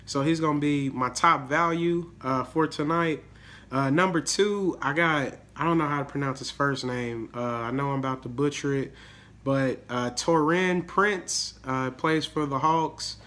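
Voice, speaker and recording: Young male host, slightly sick, bright forceful voice, slangy hype talk. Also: a little high, measured pace. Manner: hyped, slangy, repeats words and says "man" often. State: a little sick. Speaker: daily fantasy sports video host. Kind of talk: casual solo video commentary.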